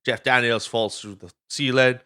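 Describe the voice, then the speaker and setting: A man's voice: medium pitch, steady tone, moderate pace, sharp tone, clear, resonant tone. A Welsh man hosting a podcast, casually rambling through a film recap, swearing freely and acting out lines. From Wales. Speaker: podcast host. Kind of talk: casual movie recap monologue.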